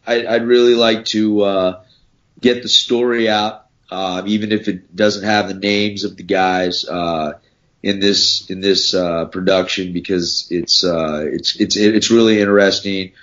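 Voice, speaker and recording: Male interview guest, very low voice, halting and dry, lo-fi audio. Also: steady tone, fairly bright tone. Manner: halting, with many fillers and restarts, dry humor. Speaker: guest, former Navy SEAL. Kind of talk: casual interview talk. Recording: dull lo-fi podcast audio.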